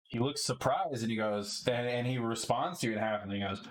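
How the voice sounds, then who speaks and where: A man's voice: medium pitch, fairly quick. A man narrating as game master in a tabletop role-playing game, talking in a rambling way and laughing often.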